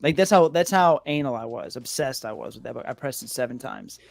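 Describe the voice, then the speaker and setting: A man's voice: medium pitch, animated, creaky, no room sound, soft background music. A man hosting a casual live stream, talking loosely with many restarts. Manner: loose, halting, lots of filler restarts. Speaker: comic shop host.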